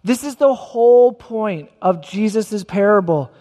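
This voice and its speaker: A man's voice: sits high, measured pace, warm tone. A man preaching a sermon, emphatic and repeating his questions for effect. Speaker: pastor. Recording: long hall reverb.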